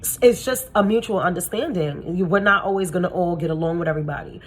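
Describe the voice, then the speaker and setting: A young adult woman, a spiritual reader, giving blunt, profane and slangy advice in a casual monologue. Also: fast talker. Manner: acts out quoted people in high gushing voice.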